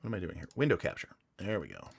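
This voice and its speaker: A man's voice: sits low, wildly swooping pitch, very fast, gravelly, slightly rough, no room sound. Rambling enthusiastic man on a livestream. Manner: rambling, enthusiastic storytelling with many fillers. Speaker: livestream host. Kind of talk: casual livestream chat.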